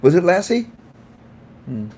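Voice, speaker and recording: A man's voice: high voice, sing-song, measured pace, darkish tone. A man hosting a casual livestream, chatting with viewers in a playful, joking, rambling way. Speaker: livestream host.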